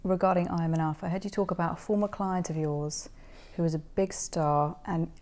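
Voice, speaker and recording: A woman hosting an interview, asking short questions and giving quick affirmations. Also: lowish voice, fairly even intonation, darkish tone. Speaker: host.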